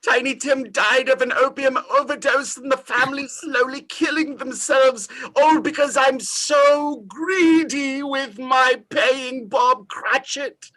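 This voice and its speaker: An actor improvising a greedy, remorseful old miser on a live stage, theatrical and overwrought. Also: male voice, very high voice, steady tone, slow pace, hardly any pauses, sharp tone, heavily acted. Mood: pleading.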